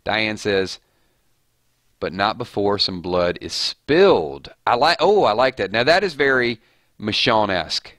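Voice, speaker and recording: A man's voice: on the low side, lively intonation, unhurried, a bit bright, no room sound, clean studio sound. A man hosting a casual livestream, reading out viewers' rhymes and playfully judging them. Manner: playful, reads chat rhymes aloud and judges them. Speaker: livestream host.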